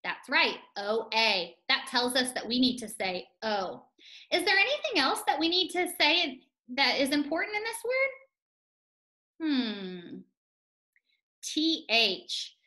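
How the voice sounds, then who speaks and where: Slow, bright-voiced woman teaching phonics. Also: high-pitched, big pitch swings. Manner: slow, clear, sing-song teacher talk with chants. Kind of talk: first-grade phonics lesson. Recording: echoey room.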